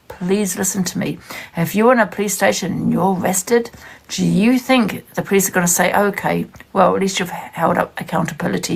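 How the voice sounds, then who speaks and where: Husky blunt woman ranting. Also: lowish voice. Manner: blunt, emphatic, swearing, addresses viewers. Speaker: live-stream commentator. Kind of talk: casual ranting commentary.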